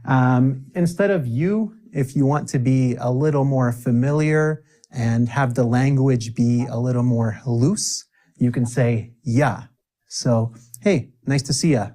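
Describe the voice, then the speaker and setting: A man teaching spoken English, drilling phrases for the viewer to repeat, with deliberate pauses and playful asides. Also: medium pitch, mellow.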